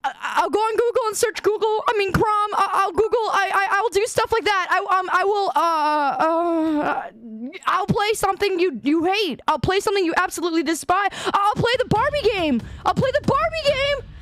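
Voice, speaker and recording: A woman's voice: very high voice, expressive, normal speed, hardly any pauses, fairly bright tone, no echo. A young adult woman streaming a game, reacting with exasperated, dramatic pleading and outbursts. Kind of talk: reactive livestream gaming chat.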